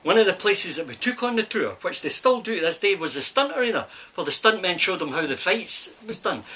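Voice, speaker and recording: A man's voice: high voice, very animated, fairly quick, sharp tone. Older Scottish man telling a long story. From Scotland. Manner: rambling anecdotal storytelling with repeated "I says". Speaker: film stuntman. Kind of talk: casual storytelling interview. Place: film set during a break.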